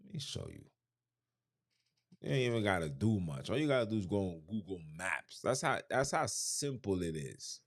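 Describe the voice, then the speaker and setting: A man preaches through scripture on his podcast. His pitch climbs and drops all the time. He repeats key lines emphatically and keeps throwing questions at his listeners. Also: big pitch swings, fairly quick, few pauses. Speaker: podcast host. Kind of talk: preaching-style scripture commentary.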